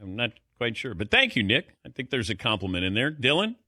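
A man's voice: mid-range voice, big pitch swings, pushed and bright, no room sound, clean studio sound. A man hosting a sports radio talk show, easygoing and jokey. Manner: easygoing, jokey, quick to laugh. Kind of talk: casual sports radio chat.

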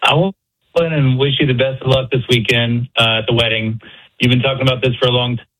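A man's voice: mid-range voice, fairly even intonation, fairly quick, fairly bright tone, poor audio. Friendly male caller on a radio show. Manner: friendly, well-wishing. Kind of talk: radio call-in.

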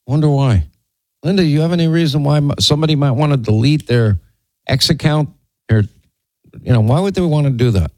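A man's voice: fairly high pitch, fairly quick, long pauses, darkish tone, no echo, low-quality recording. Sardonic male show host, dry studio. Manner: sardonic, frequent restarts. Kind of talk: opinionated commentary.

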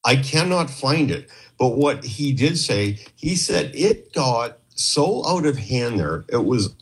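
A man's voice: medium pitch, big pitch swings, takes it slowly. A man from Canada telling a story in a casual interview, rambling and acting out the dialogue he had with others. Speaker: podcast guest, former investigator.

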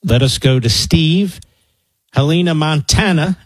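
A male talk radio host with a slightly husky voice who argues his points with emphasis. His pitch swings up and down as he presses each point. The sound is dry and close. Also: animated, a little slow, no room sound, rough recording. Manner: emphatic, opinionated, rising and falling pitch. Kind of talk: talk radio, taking calls.

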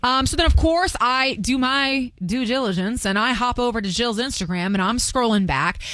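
A woman hosting a chatty interview, animated and quick to act out other people's lines. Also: on the high side, no echo. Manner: animated, quotes people in quick put-on voices. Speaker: host.

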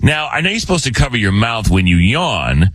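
Husky, lively-voiced male radio host. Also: on the low side, brisk, no echo. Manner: rambling, chatty, laughs often. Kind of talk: casual morning show banter.

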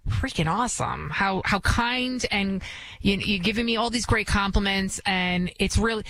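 A woman's voice: mid-range voice, normal speed, fairly bright tone, dry recording, poor audio. A woman with a Bronx New York accent, who did not grow up speaking English, hosting a talk radio show in a chatty, emphatic monologue full of restarts. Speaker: guest radio host.

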